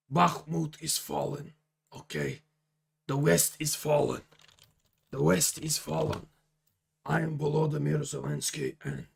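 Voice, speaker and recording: A man's voice: a little high, vocal fry, noisy background, full character voice. A man playing a weary male president who pleads in repetitive broken English.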